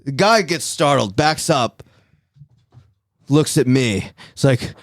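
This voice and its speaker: A man's voice: mid-range voice, expressive, slow, dry recording, studio quality. A man hosting a casual podcast, telling a rambling, profane story and laughing often. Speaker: podcast host.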